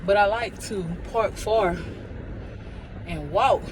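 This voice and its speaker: A woman's voice: medium pitch, slow pace, rough recording. A woman in her thirties, an expecting first-time mom, chatting casually and rambling straight to her viewers in a vlog. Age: 30s. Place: out shopping and walking to her car, then in the car. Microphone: handheld phone. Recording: outdoor phone recording with traffic noise.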